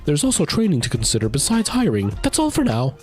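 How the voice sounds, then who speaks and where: A man's voice: huge pitch swings, fast talker, faint music behind. A man voicing a cheerful young woman who explains hiring staff in a game. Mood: chirpy. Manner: bright, chirpy, put-on high voice.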